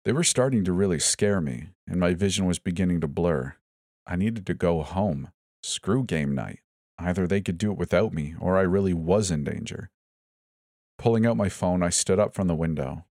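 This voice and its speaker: Brief: male horror narrator, very low voice, dry close sound, tense first-person telling. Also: animated, normal speed, a little mellow, dry recording. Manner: tense first-person storytelling, voicing each character in turn. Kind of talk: scripted horror story narration.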